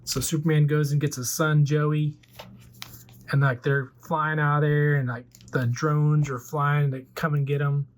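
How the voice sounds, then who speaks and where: A man's voice: a little high, level tone, a little slow. A man in his forties casually retelling a movie plot as a toy collector vlogger, rambling loosely with lots of fillers. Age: 40s.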